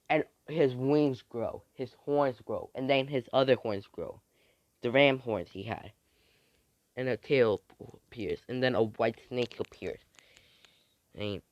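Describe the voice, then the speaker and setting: Slow, rambling male storyteller. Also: medium pitch, dry recording. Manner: rambling, many fillers and restarts. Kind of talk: improvised fan story narration.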